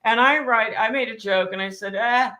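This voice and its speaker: Brassy woman co-host, blunt and foul-mouthed; bright, higher voice. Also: brisk. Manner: blunt, profane, animated ranting. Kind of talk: casual podcast chat.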